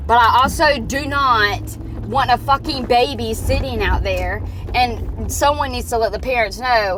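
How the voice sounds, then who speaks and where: A woman's voice: on the high side, slow, a bit bright, a little hiss or hum. A woman vlogger ranting and swearing while she drives, talking into her phone. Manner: swearing, heated and rambling. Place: in a car.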